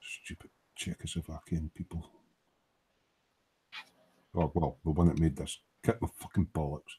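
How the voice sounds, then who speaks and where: A man's voice: a bass voice, flat delivery, a little slow, mellow, slightly rough. A Scottish man hosting a late-night live model-making stream, joking, swearing and muttering as he works at his bench. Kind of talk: casual late-night chat while building a kit. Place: at a hobby workbench.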